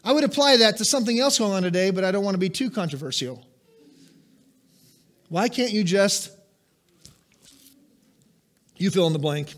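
A man's voice: sits high, animated, normal speed, pauses often. A man preaching a sermon as pastor, emphatic, with pointed asides to the congregation. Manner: emphatic, rises and drops sharply for stress.

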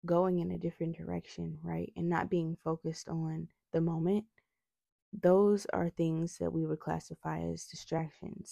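Speaking in a fairly low, dark-toned voice with vocal fry, a young woman who makes faith videos talks earnestly about prayer, frequently asking "right?" The retainers in her mouth give her a slight lisp, and the recording is dry.

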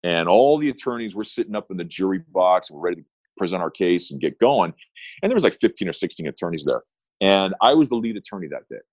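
A man's voice: low-pitched, sing-song, fast, no room sound, muffled recording. A middle-aged man, an attorney talking as a guest in an interview, telling stories with emphatic, punchy repeated phrases. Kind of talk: interview storytelling.

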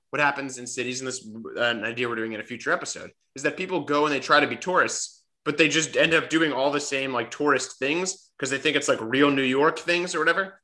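A man with a bright, fairly high voice hosts a casual brainstorming chat. He jokes freely and restarts his sentences as he thinks aloud. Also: fast talker, hardly any pauses. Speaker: podcast host.

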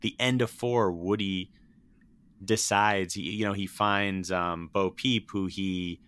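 A man's voice: sits low, fairly even intonation, slow, a bit bright, clear, resonant tone, dry recording, clean studio sound. A young man chatting casually about films on a podcast, rambling and emotional, cursing freely. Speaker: podcast co-host.

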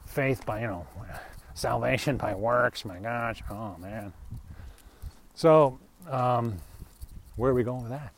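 A man's voice: medium pitch, darkish tone. A man talking casually about a gospel passage, rambling and irreverent, with laughing asides, recorded outdoors with faint background noise. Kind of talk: casual bible talk.

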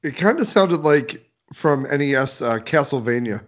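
A man's voice: mid-range voice, lively intonation, moderate pace. A man co-hosting a casual chat podcast, laughing often and restarting his sentences. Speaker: podcast co-host.

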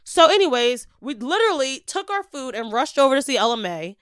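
A young woman hosting a podcast, casually telling an animated story and acting out the quotes. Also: fast talker, few pauses, smooth, no echo, studio quality. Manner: animated, acts out quotes with big pitch jumps.

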